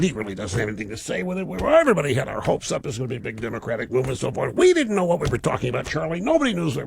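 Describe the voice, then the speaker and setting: A man's voice: medium pitch, creaky, slightly rough. A man hosting a talk radio show, mocking news clips with sarcasm and mimicry. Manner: sarcastic, mimics stammering speech.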